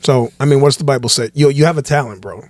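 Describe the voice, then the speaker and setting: A pastor guesting on a casual podcast, talking in an animated, preachy way and often restarting his phrases. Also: medium pitch, fast, dry recording.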